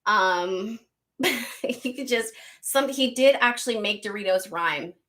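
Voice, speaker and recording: A woman hosting a casual live chat with viewers, talking loudly and projecting, laughing often and chatty. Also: medium pitch, takes it slowly. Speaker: tarot reader and live stream host. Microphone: desk microphone.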